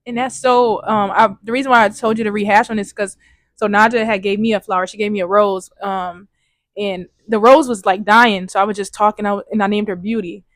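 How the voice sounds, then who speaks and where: A woman host talks quickly and casually, leaning on "like" as she goes. Her pitch sits in the middle and the sound is dry and close to the mic. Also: steady tone, no echo. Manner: casual, lots of "like" fillers, faith-minded reflections. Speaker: podcast host. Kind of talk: casual chat.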